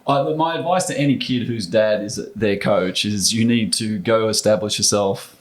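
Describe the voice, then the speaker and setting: Australian man, 50s, lower voice, animated raconteur guest. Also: normal speed. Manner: animated anecdotes, frequent restarts and laughs. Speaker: guest, former basketball player. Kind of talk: casual storytelling.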